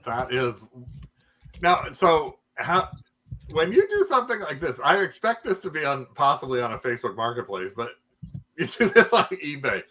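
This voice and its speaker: A man hosts a casual conversation, animated and quick to laugh. His voice is bright and slightly high. It swings widely in pitch. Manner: animated, laughs often, reacts with exclamations. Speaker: podcast host. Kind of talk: casual chat.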